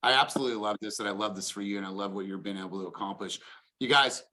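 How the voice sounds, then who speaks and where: Bright-voiced man coaching with emphasis. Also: on the low side, racing. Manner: emphatic, acts out a homeowner's reactions. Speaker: real estate coach. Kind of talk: motivational coaching talk.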